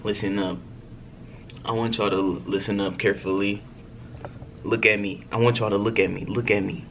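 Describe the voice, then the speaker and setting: A man's voice: on the low side, flat delivery, moderate pace, a bit bright, a little hiss or hum. A young man vlogging a text prank, chatting casually and playfully to his viewers, laughing often. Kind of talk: casual talk to camera.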